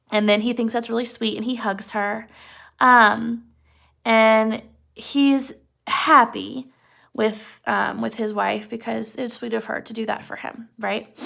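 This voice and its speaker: A woman's voice: fairly high pitch, creaky, sharp tone. A young woman casually retelling a story as a lesson, chatty with frequent fillers and rhetorical questions. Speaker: teacher explaining a story.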